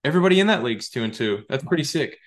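A young man hosting a podcast, talking casually about his fantasy football league in a rambling, excitable and profane way. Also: medium pitch, very fast. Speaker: podcast host.

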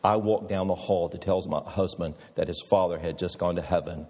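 A man's voice: deep voice, fairly even intonation, brisk, dark tone. A man preacher telling a moving story in an earnest sermon, ending with a pleading appeal. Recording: reverberant hall.

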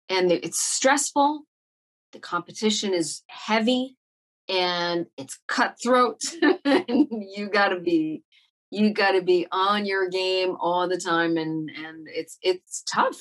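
A woman actor being interviewed, talking casually and reflectively, with many fillers and restarts. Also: mid-range voice. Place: Montreal.

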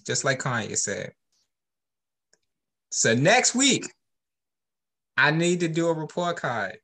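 Bright-voiced man, teasing podcast co-host. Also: medium pitch. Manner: teasing, lecturing, repetitive. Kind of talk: casual chat and rant.

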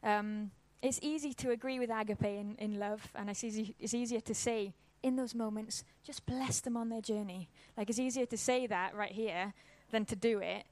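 A woman's voice: mid-range voice, steady tone, moderate pace, few pauses, a little mellow, no room sound. A woman, giving an informal church talk and telling a personal story in a casual, conversational way. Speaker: church speaker.

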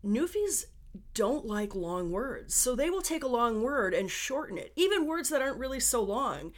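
A woman's voice: on the high side, sing-song, moderate pace. A woman with a Western New York accent hosting a solo podcast, chatty and personal, with asides to her listeners. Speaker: podcast host.

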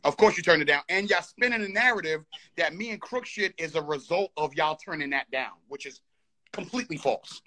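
High, bright-voiced man arguing heatedly. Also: fairly quick. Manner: insistent, repeats himself, talks over others. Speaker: participant in a heated live call. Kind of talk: heated argument.

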